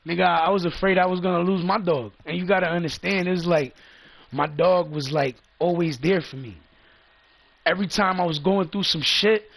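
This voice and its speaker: A man's voice: fairly high pitch, vocal fry, a bit bright. A man telling a loose, profane story in a casual vlog, often repeating himself. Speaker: vlogger.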